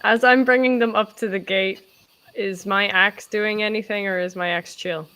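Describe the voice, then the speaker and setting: A woman's voice: medium pitch, steady tone, moderate pace, pushed and bright, smooth, low-quality recording. A woman tabletop player speaking in character, dry and teasing.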